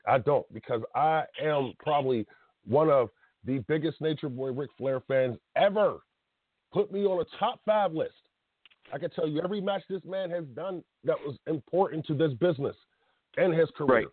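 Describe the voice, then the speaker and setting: Fairly high-pitched and moving at a moderate pace, this podcast host in his thirties runs a casual call-in wrestling show. The dry phone-line sound carries no echo as he rants bluntly and emotionally, with laughs and restarts along the way.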